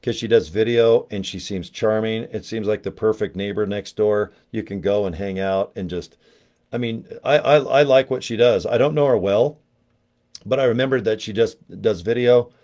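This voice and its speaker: A man's voice: fairly low pitch, moderate pace, darkish tone. A man vlogging about network marketing in a rambling, joking monologue, laughing often and slipping into silly voices.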